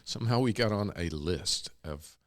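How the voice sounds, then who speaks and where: Man, very low voice, rambling, enthusiastic, casual interview guest. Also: lively intonation, moderate pace. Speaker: guest, co-founder of a bunny ministry.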